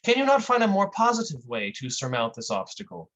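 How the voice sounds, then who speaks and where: Smug self-help lecturer, patronizing and unhurried, played by the performer. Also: mid-range voice, wildly swooping pitch, fairly bright tone, highs cut off. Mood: condescending. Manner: slow, condescending, lecturing. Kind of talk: comic performance piece.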